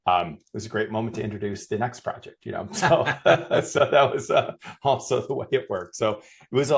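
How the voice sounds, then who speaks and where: A middle-aged man, a podcast guest, telling a workplace anecdote in a lively way and acting out the lines of the people in it. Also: on the low side. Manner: animated anecdote, acts out quoted dialogue. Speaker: guest, customer experience consultant. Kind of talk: storytelling in a podcast interview.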